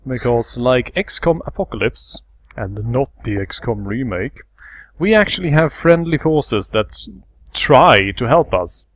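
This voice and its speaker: A man hosting a let's play, calmly explaining game mechanics step by step in casual commentary. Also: medium pitch, unhurried, no room sound, studio quality.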